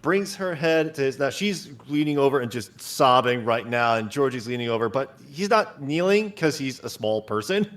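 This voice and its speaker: A man's voice: mid-range voice, animated, normal speed, hardly any pauses, a bit bright. A man narrating as game master of a tabletop game, chatty, with laughing asides.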